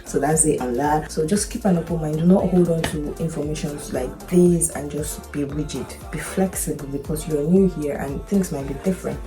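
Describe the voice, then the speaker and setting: A woman's voice: low voice, moderate pace, few pauses, music in the background. A woman from Nigeria, a nurse, telling a personal story and giving advice in an earnest, chatty way full of "you know" and repeats. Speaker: international nurse, vlogger.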